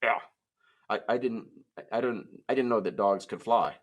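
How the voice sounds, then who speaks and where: A man's voice: lowish voice, normal speed. A man performing a comic ventriloquist act, talking to his puppets in playful, stammering children's show patter. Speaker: musical ventriloquist.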